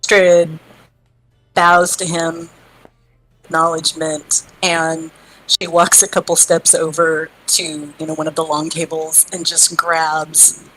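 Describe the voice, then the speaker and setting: Female player, low voice, slow relaxed narration. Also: faint music behind, poor audio. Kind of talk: tabletop role-play.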